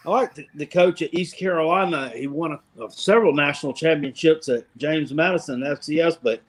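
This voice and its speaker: A man co-hosting a casual sports podcast, offhand and joking. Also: medium pitch. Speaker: podcast co-host.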